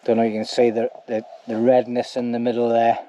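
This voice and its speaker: A man's voice: medium pitch, completely flat delivery, brisk, warm tone, lo-fi sound, a little hiss or hum. A man talking casually to camera at an outdoor camp, rambling and ending lines with "like", with a snotty nose. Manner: chatty, rambling, says "like" at ends. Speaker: bushcraft vlogger.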